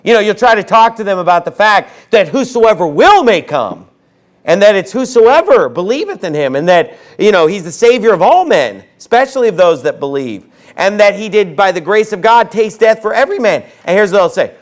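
Male preacher, high-pitched, fiery sermon, forceful outbursts, slows on scripture quotes. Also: sing-song. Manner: forceful preaching, swings from low asides to shouted outbursts. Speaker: pastor.

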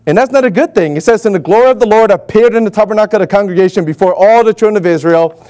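A man preaching a sermon, reading scripture aloud and acting out the figures in a lively, animated way. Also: high voice, very fast. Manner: animated, acts out voices for Moses and God. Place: warm indoor church hall.

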